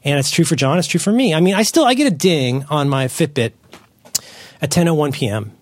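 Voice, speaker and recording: A man hosting a podcast, chatting casually as a parent, rambling and correcting himself as he tells animated stories. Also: fairly high pitch, brisk, no room sound. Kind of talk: casual chat.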